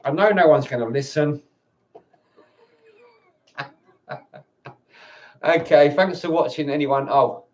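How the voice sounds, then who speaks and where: A man's voice: fairly high pitch, takes it slowly, long pauses, highs cut off. A man ranting angrily to camera, swearing and stumbling over his words with many restarts. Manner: angry, swearing, stammering restarts. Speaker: vlogger. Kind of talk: angry ranting monologue.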